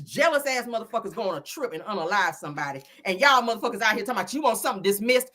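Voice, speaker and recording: Woman, fired-up profane rant, lively swooping pitch, higher voice, show host. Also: very fast, hardly any pauses. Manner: heated, profane, emphatic ranting. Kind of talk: casual gossip commentary.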